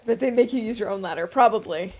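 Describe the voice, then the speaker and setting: A woman's voice: fairly high pitch, fast, darkish tone. Chatty woman streamer thinking aloud. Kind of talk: casual gameplay commentary.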